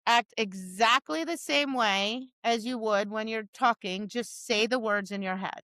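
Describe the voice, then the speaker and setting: A woman's voice: on the high side, measured pace, dry recording. A woman co-hosting a dog training podcast, telling stories in casual chat and acting out quotes. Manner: animated storytelling with acted-out quotes, many restarts.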